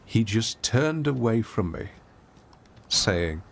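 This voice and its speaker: A man's voice: on the low side, big pitch swings, slow pace, gravelly, slight background noise. A man with an English accent giving wry, theatrical commentary while streaming a game. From England. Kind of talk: casual gameplay commentary.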